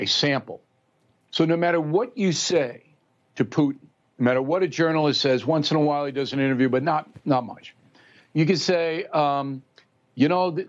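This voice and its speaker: A man's voice: a little high, highs cut off. An older man in his seventies giving blunt, emphatic political commentary in a talk show interview, mocking politicians by mimicking them.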